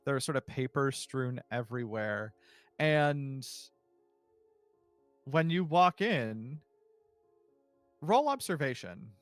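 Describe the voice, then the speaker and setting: A man's voice: mid-range voice, animated, slow, pauses often, no room sound, soft background music. A man narrating as game master in a casual, loose way with many fillers.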